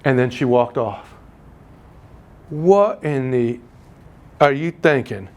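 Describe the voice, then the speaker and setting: A man teaching a live real estate class, telling stories and teasing the room. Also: mid-range voice. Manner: animated storyteller, teasing, quick asides. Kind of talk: live class lecture with anecdotes.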